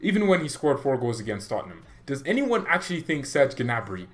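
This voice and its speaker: A young man talks through a football match in a casual reaction vlog. He is animated and opinionated, jumping between thoughts with quick restarts. His voice sits at an ordinary male pitch. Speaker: football fan channel host.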